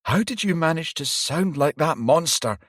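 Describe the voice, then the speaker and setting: A man voices a frightened young priest, shaken, anxious, and faltering, pitched above his own voice. His delivery is a little high, animated, moderately paced, and a bit bright, in a dry, clean studio recording.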